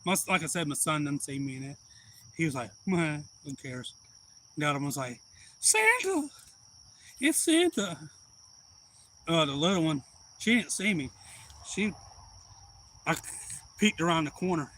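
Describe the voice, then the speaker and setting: A man's voice: a little high, a little fast, pauses often, a little hiss or hum, poor audio. A man casually telling a rambling family story on a live stream, acting out other people's lines as he goes. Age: adult father. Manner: rambling, animated retelling with quoted voices. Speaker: outdoors channel host.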